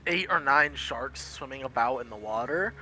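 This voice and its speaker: A man running a tabletop role-playing game as game master, describing scenes and explaining rules in an animated way, often restarting his sentences. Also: medium pitch, moderate pace, rough recording.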